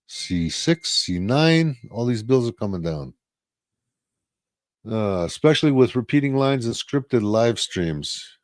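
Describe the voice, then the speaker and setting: A man's voice: on the low side, no echo, clean studio sound. A man co-hosting a casual live-stream talk show, blunt and profane, firing off rhetorical questions. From Canada.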